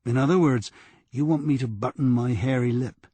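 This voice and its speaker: Narrator as a frosty, nitpicking sergeant; crime audiobook, husky. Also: male voice, medium pitch, moderate pace, warm tone, no echo, lightly acted. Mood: cold. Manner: nitpicking, cold replies. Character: pedantic male detective sergeant, cold and hostile.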